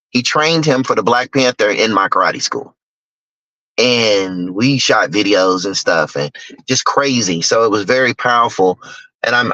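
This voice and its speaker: Emphatic man with a bright low voice. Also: no echo. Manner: emphatic, candid, acts out other people's lines. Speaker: guest speaker, investor. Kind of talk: personal storytelling talk. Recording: dull lo-fi dry recording.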